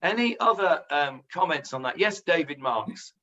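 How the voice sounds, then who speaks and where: A rabbi leads a Bible class in a bright, forceful voice pitched a little high. He talks things through with frequent ums and restarts, and the recording sounds dull and lo-fi. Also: expressive, normal speed. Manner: thoughtful, hesitant with many fillers. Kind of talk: teaching and discussing with students.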